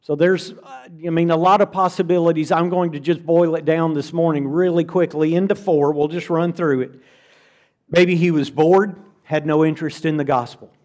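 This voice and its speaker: A man's voice: fairly high pitch, steady tone, normal speed, darkish tone. A middle-aged man preaching a conversational, earnest sermon to a church congregation, often repeating words for emphasis.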